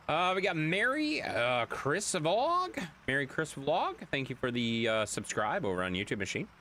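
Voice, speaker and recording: A man's voice: on the high side, big pitch swings, normal speed, pushed and bright, slight background noise. A man streaming a game late at night, reading chat aloud in a chatty way, swearing now and then.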